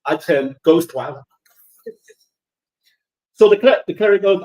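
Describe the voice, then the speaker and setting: Telling friends a creepy tale, a young man from Somalia keeps it loose and lively, swearing a lot, repeating himself and starting over. He speaks slowly in a high-sitting voice, and the audio quality is poor.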